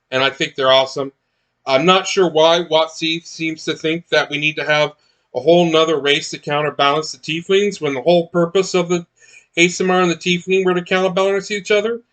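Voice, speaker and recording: Man, a bit high-pitched, rambling unboxing chat, lots of um and uh. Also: fairly even intonation, brisk, fairly bright tone. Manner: rambling, chatty, many fillers and restarts. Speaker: miniatures collector unboxing blind boxes. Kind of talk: casual unboxing commentary.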